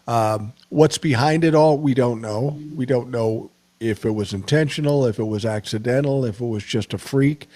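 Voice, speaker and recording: Host, older man, mellow low tone, plain-spoken, swears, casual live show. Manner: blunt, profane, plain-spoken. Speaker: podcast host. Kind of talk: casual live podcast talk.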